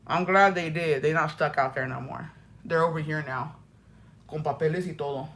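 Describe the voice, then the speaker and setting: A woman's voice: deep voice, fast. A young woman telling stories in a casual get-ready-with-me chat, swearing freely and mixing English and Spanish. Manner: profane, animated storytelling, switching between English and Spanish. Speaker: vlogger.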